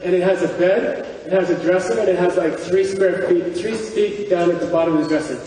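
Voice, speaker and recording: A man's voice: high voice, fairly quick, dark tone. A middle-aged man, a spiritual teacher, tells chatty, self-mocking stories to an audience in a public talk. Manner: chatty, self-mocking storytelling with many "you know"s. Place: large hall before an audience. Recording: echoey hall from far off, faint noise.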